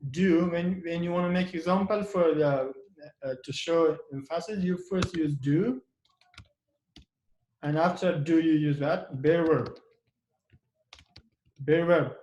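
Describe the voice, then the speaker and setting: A man's voice: sits high, darkish tone. A male teacher speaking in a slightly raised register. He runs the lesson by asking questions and answering them himself, and he repeats and stresses example sentences. The room around him rings with echo. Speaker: English teacher. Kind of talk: classroom grammar lesson. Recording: echoey room.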